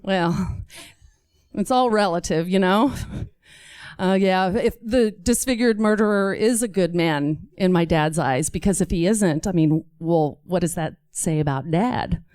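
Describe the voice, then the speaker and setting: A woman from Texas telling a comic personal story on stage, animated and acting out every voice. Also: on the low side, clear, resonant tone, no echo, studio quality.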